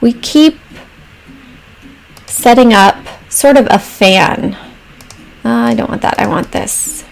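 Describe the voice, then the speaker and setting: Her voice is on the high side with vocal fry, and the poor audio carries slight background noise. Hosting a relaxed trading stream, she goes over charts and replies to viewers' chat, musing aloud with pauses and unfinished phrases.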